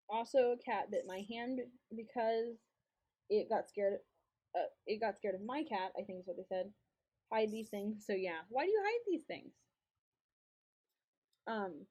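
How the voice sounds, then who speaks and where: A woman's voice: medium pitch, lively intonation, measured pace, long pauses, a little mellow, husky. A young woman streaming a game and chatting casually, telling a story with frequent laughs and lots of repetition. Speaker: streamer and co-host. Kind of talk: casual storytelling while gaming.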